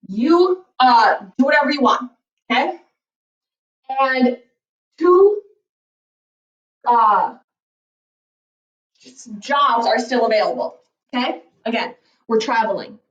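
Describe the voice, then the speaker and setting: A woman's voice: high voice, fairly bright tone, echoey room, distant mic, highs cut off. A woman teacher giving a recorded lesson, playful and jokey, who keeps asking "okay?". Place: basement floor at home.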